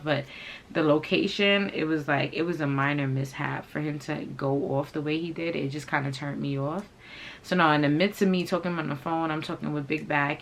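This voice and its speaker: Woman vlogger, deep fry-edged voice, casual storytime, blunt and foul-mouthed. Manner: blunt, profane, animated, heavy use of "like". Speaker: fashion channel vlogger.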